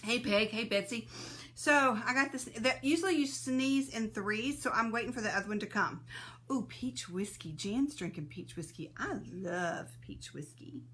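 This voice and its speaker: A woman's voice: on the high side, normal speed, fairly bright tone. A woman hosting a casual live stream, greeting viewers by name and laughing often, a little sneezy and teary-eyed.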